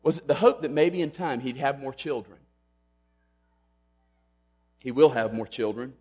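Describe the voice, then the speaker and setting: A man preaching a sermon, emphatic, rising loud on questions and dropping to a hush on key lines. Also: medium pitch, unhurried, slightly rough, soft background music. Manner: emphatic, swings between loud and hushed. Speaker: pastor.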